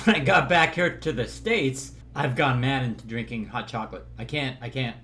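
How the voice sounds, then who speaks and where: A man's voice: medium pitch, moderate pace, fairly bright tone. Rambling man reviewing a movie. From Southern California. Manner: rambling, stumbling, jokey, slips into impressions. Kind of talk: casual vlog review. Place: hotel room.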